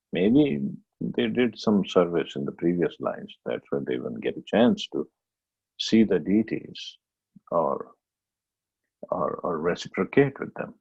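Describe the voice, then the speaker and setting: A man giving a devotional scripture class, telling a story plainly with many pauses and restarts. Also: sits low, darkish tone, husky, dull audio.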